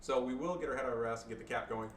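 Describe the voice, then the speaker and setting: A man giving casual, profane, excitable commentary over his own strategy game match, joking and swearing between calls. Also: mid-range voice, racing, reverberant, distant mic, background noise. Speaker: gameplay commentator.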